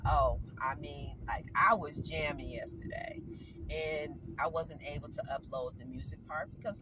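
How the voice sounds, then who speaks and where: Stuffed up from a cold, a woman vlogger talks to her viewers in a deep voice at normal speed while out on errands. She's chatty and rambling, often correcting herself, with vehicle noise filling the background.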